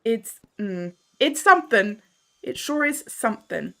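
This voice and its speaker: Bright-voiced Australian woman streamer. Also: on the high side, expressive, unhurried, gravelly. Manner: chatty, laughs often, banters and swears while playing. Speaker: game streamer. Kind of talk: casual live-stream chat with viewers. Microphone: desk microphone.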